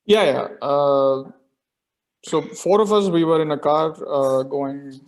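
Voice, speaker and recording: A man's voice: on the high side, slow. A man from India co-hosting a podcast, talking in casual chat, hesitant with fillers and repeats. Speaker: podcast host.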